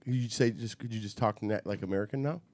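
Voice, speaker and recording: A man's voice: fairly low pitch, quick pace, darkish tone, no room sound, studio quality. A man co-hosting a talk show, joking around casually. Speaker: co-host. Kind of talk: casual interview chat.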